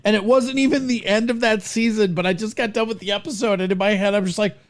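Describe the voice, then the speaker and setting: A man's voice: sits high, steady tone, fast. A man co-hosting a casual comedic show, swearing and making boastful mock threats. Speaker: co-host. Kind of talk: casual comedic news chat.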